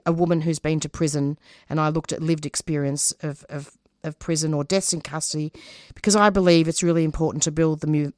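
A woman's voice: deep voice, a little mellow, dry recording, clean studio sound. A woman who produces radio, speaking in an interview with intense, emphatic feeling. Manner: intense, emphatic, openly emotional. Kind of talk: candid interview answers.

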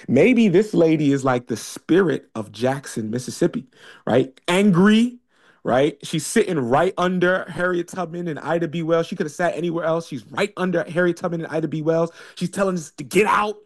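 A man's voice: a little high, animated, moderate pace, darkish tone. Hesitant man building to emphatic questions. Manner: hesitant, many fillers, building to emphatic repetition. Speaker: speaker. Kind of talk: casual monologue.

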